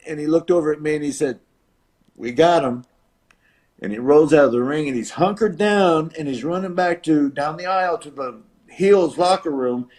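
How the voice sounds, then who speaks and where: An older man recounts an old match as a podcast guest, his voice sitting slightly high. He acts out the other people in the tale, dropping to a hush and then bursting out loud. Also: normal speed. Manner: acts out voices of others in his stories, dramatic shifts in loudness. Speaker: podcast guest, retired wrestler. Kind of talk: animated storytelling.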